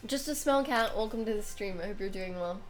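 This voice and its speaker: A woman's voice: medium pitch, a little fast, faint music behind. A young woman streaming a game, chatting casually and giggling as she greets her viewers. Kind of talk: casual live-stream chat during a game playthrough.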